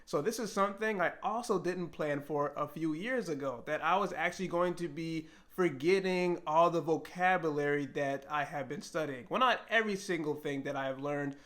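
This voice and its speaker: A young man talking earnestly and reflectively to camera in a personal vlog, with pauses and restarts. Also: on the high side, a bit bright. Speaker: language-learning vlogger.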